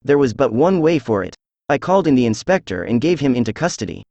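A synthesized male voice narrates a classic story in a steady, measured way. His pitch is middling and the sound is dry and close, with no room around it. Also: no room sound. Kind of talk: audiobook narration.

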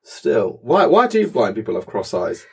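A man's voice: mid-range voice, huge pitch swings, moderate pace, vocal fry, slightly rough. A young man co-hosting a casual podcast chat, dry and sarcastic, swearing now and then. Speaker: podcast co-host.

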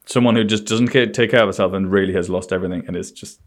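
A man telling a story in casual chat as a podcast co-host, animated and laughing, checking in with "right?". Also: low-pitched, rapid-fire.

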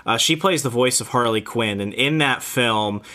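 A man's voice: medium pitch, normal speed, sharp tone. A man co-hosting a podcast, chatting casually and giving wry opinions. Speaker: podcast co-host. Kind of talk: casual banter.

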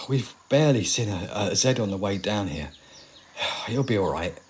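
A man's voice: on the low side, animated, measured pace, a little hiss or hum. A man playing a dry apocalypse survivor in his forties. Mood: wry. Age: 40s. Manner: dry, sardonic, rambling. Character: weary sardonic middle-aged male zombie-apocalypse survivor. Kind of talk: amateur audio drama acting.

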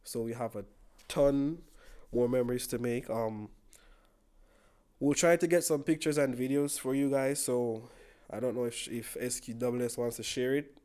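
A young Jamaican man talking on a podcast in a relaxed, rambling way. His pitch sits in the middle, and he often stumbles over and repeats words as he gathers his thoughts. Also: normal speed, smooth. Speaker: podcast guest. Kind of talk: casual chat.

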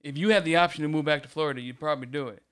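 A man's voice: fairly high pitch, very fast, fairly bright tone, clean tone. A young man on a podcast, heated and emotional, swearing constantly and close to tears. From Michigan. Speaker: podcast co-host. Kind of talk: casual chat.

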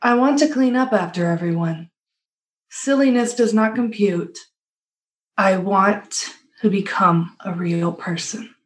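A woman's voice: medium pitch, slow pace, natural voice. Woman voicing a formal robot housekeeper. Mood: earnest. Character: stiff workaholic robot housekeeper, female-leaning.

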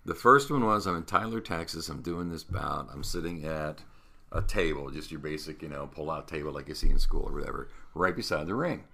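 Middle-aged male guest, deep and bright-toned, lively storyteller who voices the people in his stories. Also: a little fast, creaky. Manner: animated anecdotes, acts out other people's lines. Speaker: guest, veteran radio host. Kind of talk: casual storytelling.

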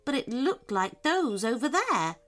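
Storybook: a woman as a small, kindly male lizard, slow and soft with a lively lilt. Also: a little high, soft background music. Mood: earnest.

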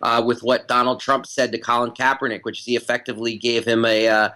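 A man's voice: medium pitch, level tone, quick pace, bright, forceful tone, poor audio. A man speaking as a guest commentator in an interview, making his case emphatically and repeating phrases for stress. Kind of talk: analytical interview talk.

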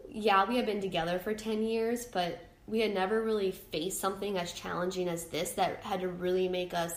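A woman's voice: medium pitch, fairly even intonation, fairly quick. A young adult woman, a podcast guest, talking candidly and emotionally about her own life, often restarting and searching for words. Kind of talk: candid personal storytelling. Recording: roomy echo.

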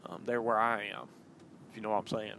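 A man's voice: on the low side, level tone, brisk, creaky, bright, forceful tone, slight background noise. A man hosting a podcast, chatting loosely in a rambling way, full of ums and uhs, while driving his car. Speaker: podcast host. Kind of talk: casual rambling monologue.

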